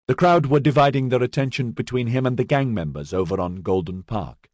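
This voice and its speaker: This is scripted audiobook narration from a man whose reading is measured and expressive. His pitch is medium, and the clean studio sound carries no echo.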